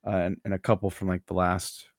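A man on a podcast panel with a fairly low voice, recorded dry with no room sound. He talks haltingly, pausing often as he hunts for his words. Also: level tone, dry recording. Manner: halting, full of "uh" and restarts. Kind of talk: casual chat.

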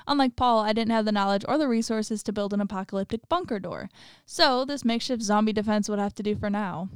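Brief: woman horror story reader, crisp smooth voice, dry close sound, casual chatty asides. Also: medium pitch, dry recording. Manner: laughs often, chatty asides with lots of "like". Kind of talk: reading a horror story aloud with casual commentary.

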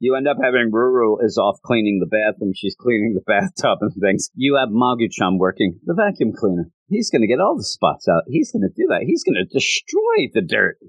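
A man's voice: medium pitch, sing-song, a little fast, few pauses, no room sound, poor audio. A man casually recapping a story in a rambling, amused way with many asides. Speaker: anime reviewer.

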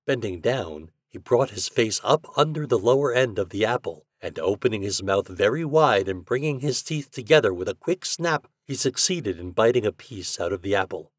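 Expressive man reading a storybook. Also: lowish voice, normal speed, few pauses, dry recording, studio quality. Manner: expressive, acts out the characters. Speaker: podcast host and reader.

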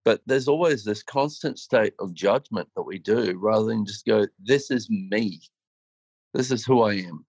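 Co-host: earnest, reflective man, slightly low pitch, dry sound. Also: unhurried, darkish tone, no echo, lo-fi sound. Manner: reflective, earnest, self-quoting. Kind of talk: casual chat.

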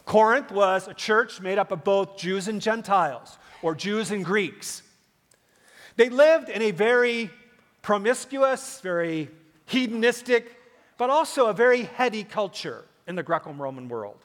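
Pastor, man, fifties, high-pitched, emphatic preaching with rhetorical questions, long church reverb. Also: lively intonation, unhurried, fairly bright tone. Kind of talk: sermon. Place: large church sanctuary.

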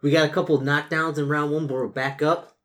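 A man's voice: fairly high pitch, level tone, a little fast, a bit bright. A man playing in a tabletop role-play game, laughing and stammering into in-character quotes. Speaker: player.

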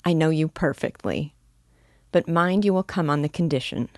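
Woman reader as a guarded young woman; firm, measured, low and close. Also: no echo, lightly acted. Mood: frank. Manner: frank, measured, gently firm. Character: frank, cautious young woman, warm but firm. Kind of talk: audiobook dialogue reading.

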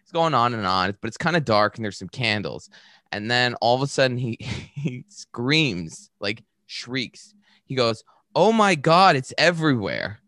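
A man's voice: mid-range voice, a little slow, no echo, studio quality. A man, a comedian guest on a podcast, telling crude stories in casual chat and laughing through them. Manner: animated storyteller, laughs through his own tales.

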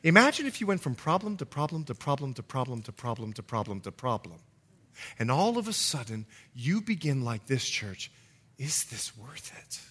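A man from the Bahamas, a pastor with a Bahamian accent softened by years in the US, preaching an evening sermon and calling out to his congregation. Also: medium pitch, a little fast. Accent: Bahamian, softened by long US residence. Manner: animated preaching with call-and-response to the congregation.

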